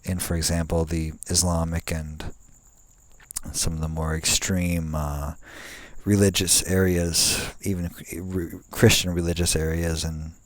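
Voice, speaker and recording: A deep-voiced young man vlogs at night outdoors, keeping a measured pace and little pitch movement, with no echo. His talk is meandering and casual, riddled with fillers and restarts, and he swears now and then without fuss.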